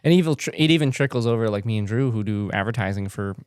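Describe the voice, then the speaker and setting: A man hosting a podcast, talking in a relaxed, conversational way. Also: lowish voice, fast talker, clean tone, dry recording, clean studio sound. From Canada. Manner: relaxed, conversational, easy laughs. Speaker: podcast host. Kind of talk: casual podcast interview.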